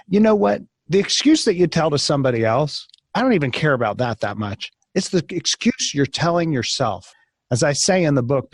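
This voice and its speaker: A man, an author and guest, talking in an emphatic, animated motivational way, telling stories with rising intensity. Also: mid-range voice, no echo, clean studio sound. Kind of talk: motivational interview talk.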